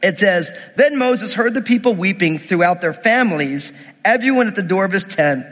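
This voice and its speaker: A man preaching a sermon, reading scripture and explaining it with animated, acted-out quotes from the people in the story. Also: high-pitched, normal speed, in a large hall.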